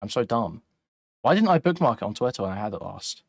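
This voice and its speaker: A man's voice: lowish voice, big pitch swings, fairly quick, vocal fry, slightly rough, no echo, studio quality. A man giving casual reaction commentary in a blunt, mocking way, with a lot of swearing.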